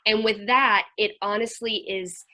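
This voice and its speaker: A woman counselor talking to a group over a video call, telling lively stories and acting out what children said. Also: mid-range voice, a little slow. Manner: animated storyteller, acts out children's voices.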